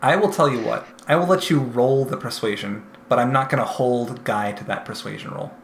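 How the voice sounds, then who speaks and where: A man running a tabletop game as game master, narrating in a relaxed way with many pauses and fillers. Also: medium pitch, creaky, echoey room, a little hiss or hum.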